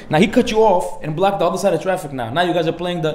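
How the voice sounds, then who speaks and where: A man giving a casual, lively Torah class, acting out the people in his stories with sudden loud outbursts and mixing Hebrew terms into everyday English. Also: on the high side, racing, few pauses, roomy sound, slight background noise. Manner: animated storyteller, acts out characters with sudden loud outbursts. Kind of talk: lively informal Torah lecture.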